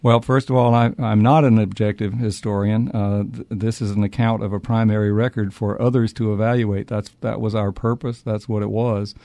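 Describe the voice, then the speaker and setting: A man's voice: lowish voice, little pitch movement, moderate pace, gravelly, hardly any pauses, dark tone, no room sound. A man, an author answering interview questions with many restarts and fillers. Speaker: author and historian.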